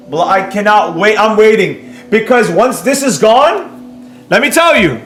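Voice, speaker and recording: A man streaming live as a trading educator, reading viewer comments and talking straight to the audience in a brash, boastful way that jumps loud when he gets excited. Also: high voice, moderate pace. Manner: animated, bursts up loudly when excited. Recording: roomy sound with faint music behind.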